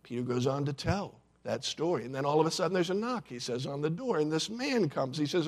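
Male pastor, slightly high voice, storytelling sermon, dramatic shifts between loud and soft. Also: lively intonation, a little fast, few pauses.

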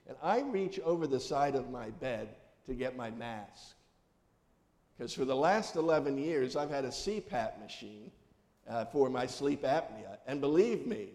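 This pastor's mid-range, darkish voice echoes with the long reverb of a large hall as he preaches conversationally. He shares homely, humorous stories and asks his listeners questions.

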